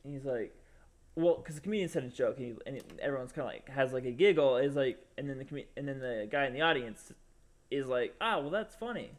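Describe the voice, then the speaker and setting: A young man tells a story on a casual podcast, circling back with fillers and quoting people in little put-on voices. His voice sits in an ordinary middle pitch. He talks like a friend recounting a night out. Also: quick pace. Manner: rambling, full of fillers and quoted voices. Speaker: podcast co-host.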